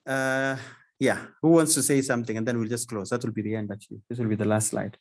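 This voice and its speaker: A man hosting an online community session over a video call, talking casually with many restarts and repeated words, laughing often and getting animated when excited. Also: medium pitch, fast talker.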